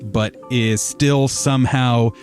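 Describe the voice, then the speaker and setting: A man running a tabletop game as game master, describing scenes in a relaxed, rambling way with frequent fillers. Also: medium pitch, slow pace, soft background music.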